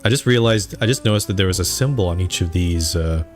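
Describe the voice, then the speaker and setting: A man's voice: low-pitched, fast talker, soft background music. A man streaming a detective game, thinking aloud and reading on-screen text aloud. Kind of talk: let's play commentary.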